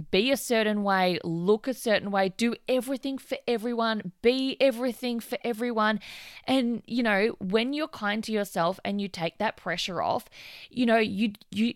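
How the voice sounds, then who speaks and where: A woman hosting her own podcast in casual solo talk, earnest and encouraging, with a hoarse voice as she loses it, and many fillers. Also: medium pitch, a bit bright, no room sound, studio quality. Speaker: podcast host.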